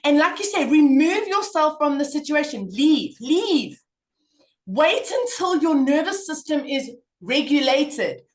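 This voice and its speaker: High-voiced, emphatic middle-aged woman. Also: measured pace. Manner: emphatic, animated storytelling with repetition. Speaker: parenting guest speaker. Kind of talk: conversational interview.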